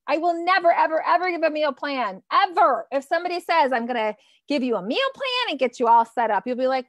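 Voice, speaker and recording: Animated high-voiced woman nutrition coach. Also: moderate pace, few pauses, no room sound, studio quality. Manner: animated, casual, swears freely, reacts to viewer comments. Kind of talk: live-streamed coaching talk.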